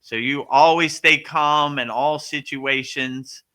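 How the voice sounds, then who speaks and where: A man's voice: a little high, fairly even intonation, slow pace, bright, forceful tone. A man hosting a live yoga Q&A, chatting casually and laughing often, with lots of "you know" and "right". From United States. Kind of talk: casual livestream chat and spiritual teaching.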